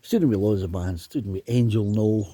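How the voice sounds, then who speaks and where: Mellow and husky, with a lowish voice and a fairly quick delivery, a Scotsman in his fifties from Dundee chats his way through stories of drumming, frequently saying "you know." The recording has no room sound, and the monologue is casual and rambling.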